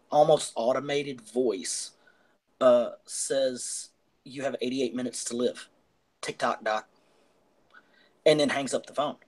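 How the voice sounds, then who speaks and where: A man's voice: medium pitch, a little mellow, poor audio. Rambling man recapping a movie. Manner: rambling with many fillers. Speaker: podcast co-host. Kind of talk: casual film discussion.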